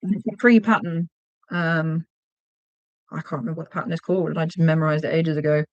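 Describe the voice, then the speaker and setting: A woman hosting a casual livestream while she crochets. She chats, gets sidetracked, and counts her stitches out loud. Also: low voice, fairly even intonation, brisk, no echo, highs cut off. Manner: chatty and easily sidetracked, counts stitches aloud. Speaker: livestream host.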